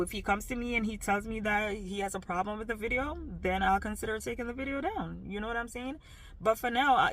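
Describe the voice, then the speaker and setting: A woman with a light Jamaican accent, talking frankly and emphatically in a personal vlog, with many "you know" fillers. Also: mid-range voice. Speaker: vlogger.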